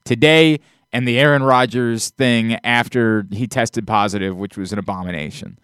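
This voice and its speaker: A man's voice: mid-range voice, fairly even intonation, moderate pace, fairly bright tone, clear, resonant tone, no echo, clean studio sound. A man hosting a podcast in casual chat, rambling and exasperated, often restarting his sentences. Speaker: podcast host.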